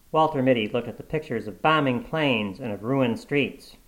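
A man narrating a short story aloud in a steady, measured storybook reading. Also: medium pitch, rough recording.

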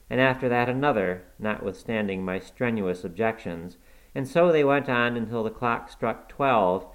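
Male audiobook narrator, low-ish voice, measured classic-novel delivery. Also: rough recording. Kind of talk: audiobook reading.

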